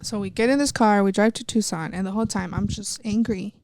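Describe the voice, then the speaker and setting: A woman's voice: mid-range voice, fairly quick, a little mellow, no room sound. A young woman from Texas, a professional wrestler, telling a personal story step by step in a candid interview. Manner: earnest, retelling events step by step.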